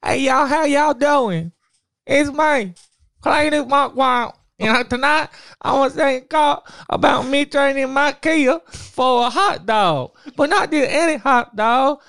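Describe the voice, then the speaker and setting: A man's voice: very high-pitched, creaky, a bit bright, no echo, clean studio sound, voice pushed up, exaggerated voice. A man putting on a twangy country crooner. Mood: hammy. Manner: slow, exaggerated showman greeting. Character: hammy male country singer, folksy.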